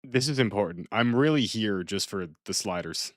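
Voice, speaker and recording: A playful man talks through a game on stream, rambling and circling back to repeat his points. His voice sits fairly low. The sound is dry and close, with no room around it. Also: expressive, moderate pace, no echo. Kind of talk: casual gaming stream commentary.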